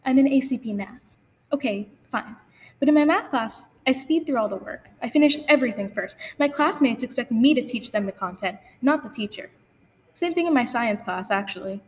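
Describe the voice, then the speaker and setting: A woman's voice: on the high side, expressive, normal speed, in a large hall, slight background noise. A teenage girl sharing a personal story in an earnest, confessional spoken-word talk. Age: teens. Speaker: student speaker. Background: guitar music.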